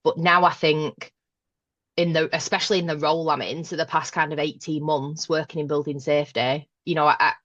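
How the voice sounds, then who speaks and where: A woman's voice: sits low, level tone, a little fast, a bit bright, dry recording, highs cut off. A woman with a broad Lancashire accent from Burnley, a guest in a casual interview chat, frank and self-deprecating. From Burnley, Lancashire, England. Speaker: podcast guest, manager.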